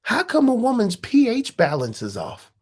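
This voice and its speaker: A woman's voice: fairly high pitch, wildly swooping pitch, moderate pace, a little mellow, husky. A woman hosting a live stream, talking casually and firing off profane rhetorical questions.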